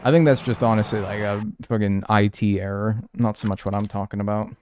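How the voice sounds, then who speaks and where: A man chatting casually on a live game stream, ranting with lively energy and swearing freely. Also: on the low side, fairly quick, slight background noise. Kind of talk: casual live-stream chat while playing.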